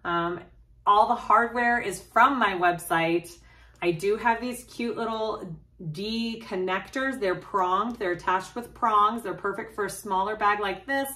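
A woman's voice: mid-range voice, measured pace, bright, forceful tone. A woman hosting a casual sewing tutorial vlog, gushing and bubbly, laughing often and using fillers, recorded at home. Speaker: host. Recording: voice a little distant from the mic.

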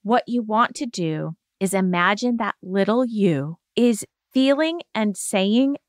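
Woman, self-help host, gentle reassuring coaching, mid-pitched voice, dry room. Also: lively intonation, slow pace, no room sound. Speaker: podcast host giving therapy advice. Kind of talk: explanatory self-help talk.

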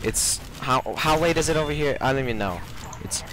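A man's voice: mid-range voice, brisk, fairly bright tone, slight background noise, low-quality recording. A young man from Boston with a Boston accent, chatting casually and teasing while he plays and records a game. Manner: joking, teasing banter. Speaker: gamer recording his channel. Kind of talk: casual gameplay chat.

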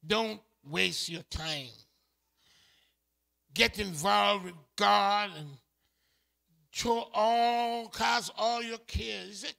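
Man preaching in church, very high and bright, slow delivery, builds to shouts. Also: fairly even intonation, gravelly. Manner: impassioned, swings from quiet talk to shouting. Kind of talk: sermon.

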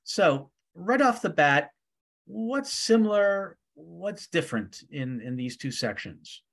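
A rabbi teaching a weekly Torah study class, reading Hebrew verses aloud and translating each one with many ums and uhs. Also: male voice, on the high side, big pitch swings, takes it slowly, creaky, fairly bright tone.

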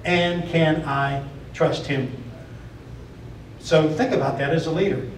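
A man's voice: a little high, steady tone, slow pace, slight background noise. A man preaching a sermon in a church, plainspoken, often repeating and restarting phrases. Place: church auditorium. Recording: echoey room from far off.

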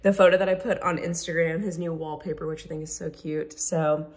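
A young woman talking casually to the camera for her vlog, chatty and excitable, full of fillers. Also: deep voice, brisk, heavy background noise. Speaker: vlogger.

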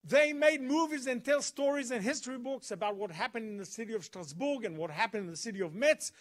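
A man doing a loud French forest guard. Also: on the high side, lively intonation, normal speed, husky. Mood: eager. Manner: loud, insistent questioning. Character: French woodland guard, man, angry then eager.

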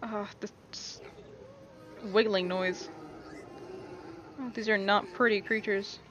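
A young woman streams a let's-play, giving casual, rambling commentary that's playful and often self-reassuring. Her medium-pitched voice is steady and slow, heard over music through a dull lo-fi mic with faint hiss.

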